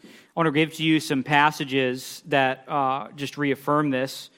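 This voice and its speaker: A man preaching a sermon, emphatic, swinging between loud declarations and quiet asides as he reads scripture aloud. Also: on the high side, flat delivery, unhurried, clean tone. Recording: long hall reverb.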